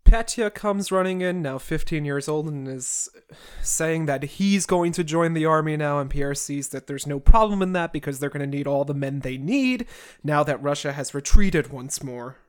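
A podcast host gives a loose comedic recap of a long classic novel, breaking off often for sarcastic asides and roast jokes. The delivery is chatty and mid-pitched, smooth, at a moderate pace.

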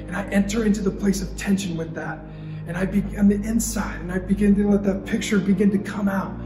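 Young male youth pastor, high voice, rhythmic repeating preaching style, big reverberant hall. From Idaho. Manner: preaching with repeated cadences, storytelling asides. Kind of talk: sermon. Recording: echoey hall with long reverb, soft music.

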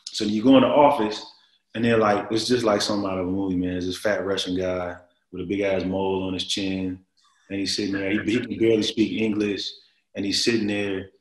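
A man in his forties telling a long story as an interview guest, rambling and animated, with many fillers. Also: sits low, fairly quick, reverberant, rough recording. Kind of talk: casual storytelling.

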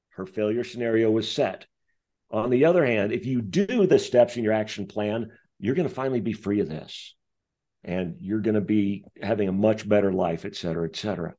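A man telling a personal story as an interview guest, acting out the voices of the people in it. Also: fairly quick. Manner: acts out quoted voices, lively pitch. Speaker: author and guest. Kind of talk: animated storytelling.

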